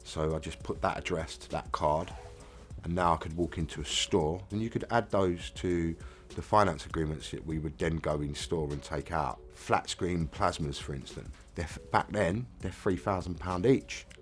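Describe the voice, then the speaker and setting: English guy, middle-aged, deep voice, casual candid storytelling. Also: moderate pace, faint music behind. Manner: plain-spoken, casual, frank. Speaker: reformed fraudster telling his story. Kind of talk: candid first-person storytelling.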